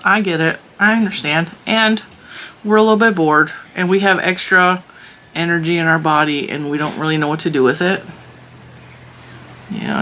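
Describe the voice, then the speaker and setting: A woman's voice: on the low side, a bit bright, slight background noise. A woman hosting a vlog, chatting casually and teasingly with her child in a motherly way.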